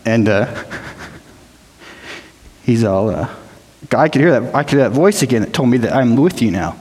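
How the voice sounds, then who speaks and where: A man's voice: mid-range voice, expressive, a little mellow. Man giving emotional testimony in a reverberant hall. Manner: emotional, halting, plain-spoken. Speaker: church testimony speaker. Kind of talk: personal testimony.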